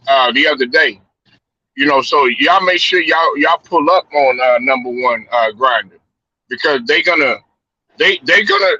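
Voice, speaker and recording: A man hosts a casual sports talk show, swearing freely as he rambles through loose stories. He has a fairly high, pushed, bright voice with slight roughness, and the podcast audio is dull and lo-fi, like a stream.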